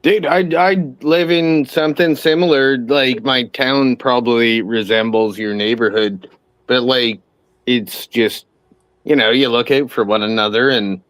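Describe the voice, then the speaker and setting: Smooth, laid-back podcast man. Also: mid-range voice, fairly even intonation, measured pace, a bit bright, no room sound, rough recording. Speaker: podcast co-host. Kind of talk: casual chat.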